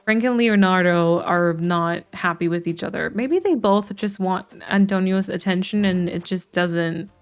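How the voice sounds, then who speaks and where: A woman's voice: on the low side, steady tone, a little slow, hardly any pauses, clean tone. A woman streamer chatting casually while playing a game, thinking aloud with restarts and light laughs.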